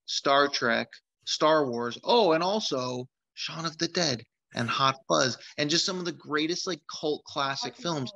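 Eager, rambling filmmaker with bright tone. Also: male voice, fairly high pitch, creaky, no room sound, rough recording. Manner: eager and rambling, full of fillers. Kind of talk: casual enthusiastic talk in a recorded video.

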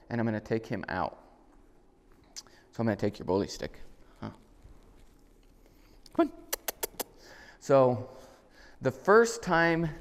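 A middle-aged man, a dog trainer, explaining step by step how to train a dog, now and then praising the dog in a higher voice. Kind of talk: instructional demonstration. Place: indoors at a home, moving outside. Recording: reverberant room sound.

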